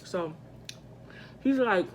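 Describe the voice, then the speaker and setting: A woman vlogger telling a personal story in casual storytime style, animated and slangy, with emphatic asides to her viewers. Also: medium pitch, drawn-out words, a little hiss or hum.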